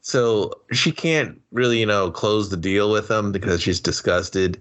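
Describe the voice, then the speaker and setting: A man's voice: on the low side, a little slow, a bit bright. A man co-hosting a movie review podcast, talking casually and sarcastically with frequent swearing and laughs. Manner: profane, sarcastic, laughs often. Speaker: podcast co-host.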